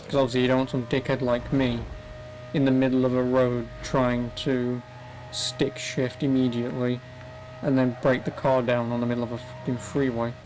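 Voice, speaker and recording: A young man talks his way through a racing game stream in a loose, rambling way, cursing now and then. His voice sits at an ordinary middle pitch. Faint engine noise hums underneath. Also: level tone, normal speed, a little mellow. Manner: rambling, chatty, swears casually. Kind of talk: casual gameplay commentary.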